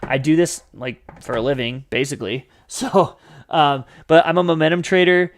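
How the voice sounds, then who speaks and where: A man's voice: fairly high pitch, steady tone, moderate pace. A man hosting a live question-and-answer stream, explaining trading in a chatty way with many fillers, sometimes acting out a panicking trader. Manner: chatty, frequent fillers and "you guys", acts out panicked traders. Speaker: livestream host teaching trading. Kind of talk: casual live Q&A teaching.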